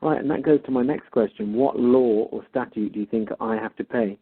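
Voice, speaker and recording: Husky man on a phone line. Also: mid-range voice, fairly quick. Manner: retells a phone call, acting out both sides. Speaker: caller. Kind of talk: casual storytelling.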